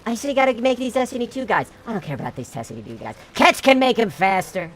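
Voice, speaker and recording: A woman's voice: on the high side, animated, quick pace, voice pushed up. A woman doing an impression of a blustering older male politician through a voice changer, rambling and repeating herself. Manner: rambling, repetitive boasting.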